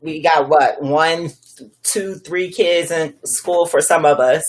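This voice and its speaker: A laid-back woman in a casual chat with friends, quick to laugh along. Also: low-pitched, steady tone. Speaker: guest.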